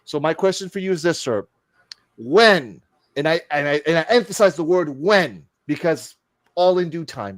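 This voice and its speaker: A man co-hosting a geek podcast, telling stories in an excited, casual way and swearing freely. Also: on the high side, no echo. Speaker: podcast co-host. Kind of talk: casual chat.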